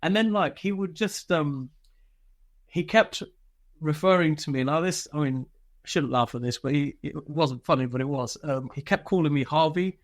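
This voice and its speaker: A man's voice: on the high side, moderate pace, no echo. A man, telling candid stories from army life as an interview guest, swearing freely and laughing through them. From Britain. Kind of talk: casual interview storytelling.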